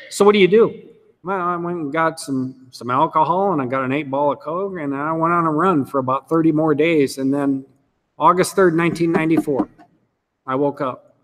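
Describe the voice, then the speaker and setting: A man's voice: on the high side, a bit bright, in a large hall. Earnest man sharing his recovery story. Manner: earnest, conversational, frequent "you know" and "let me tell you". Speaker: recovery meeting speaker. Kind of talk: personal testimony talk.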